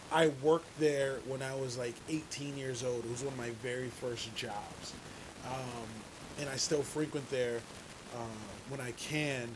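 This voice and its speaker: A man's voice: medium pitch, noisy background. A man talking casually to his viewers in a political vlog, rambling a little and restarting his sentences. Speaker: vlogger. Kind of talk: casual political commentary to camera.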